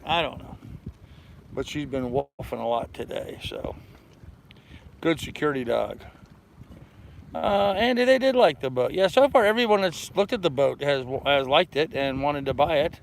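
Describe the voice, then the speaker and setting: A man's voice: medium pitch, normal speed, slight background noise, low-quality recording. An older man hosting a casual livestream from his sailboat, rambling along in a folksy way and greeting chat viewers by name. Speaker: channel host. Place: aboard a sailboat on a mooring.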